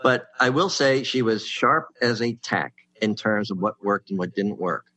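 A man with a slightly low voice tells show-business stories in an easy, chatty way. He jumps into the voices of the people he quotes, getting louder and higher for the punchlines. He sounds middle-aged and relaxed. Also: moderate pace, dry recording, low-quality recording. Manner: animated storyteller who acts out quoted people. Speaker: sitcom writer guest. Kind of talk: casual anecdote telling.

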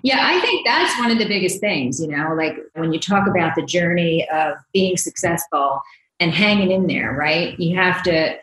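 A woman's voice: lowish voice, lively intonation, normal speed, fairly bright tone, echoey room, poor audio. A woman from New Jersey, a blogger guest on a podcast, chatting casually with lots of fillers and laughs. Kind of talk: casual interview chat.

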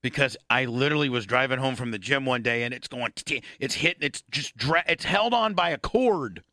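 A man's voice: medium pitch, expressive, moderate pace, sharp tone, no echo, clean studio sound. Brash swearing male show host. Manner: swears constantly, bickers with guests. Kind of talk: crude casual chat.

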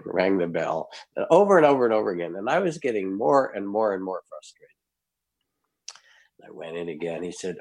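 A man, a podcast guest, telling a lively anecdotal story in conversation. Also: low voice, moderate pace.

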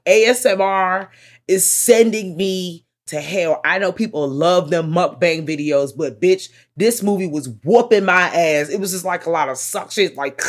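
Animated woman reviewing a film. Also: fairly low pitch, moderate pace. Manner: animated, swears freely, quoting her own reactions. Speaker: podcast co-host. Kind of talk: casual chat reviewing a film.

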